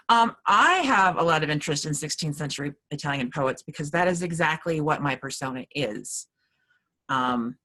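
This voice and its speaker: A woman with a low voice teaching a relaxed class on poetry. She talks in a loose, rambling way, full of fillers and restarts. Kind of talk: casual lecture.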